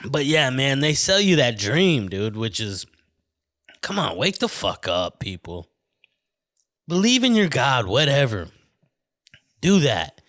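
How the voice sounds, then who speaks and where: A man's voice: medium pitch, sing-song, slow pace, long pauses, fairly bright tone, dry recording, studio quality. A man from the American Southwest hosting a podcast, a little drunk, rambling, swearing and stumbling over his words. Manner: profane, stumbling, tangent-prone. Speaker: podcast host. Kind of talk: casual rambling podcast monologue.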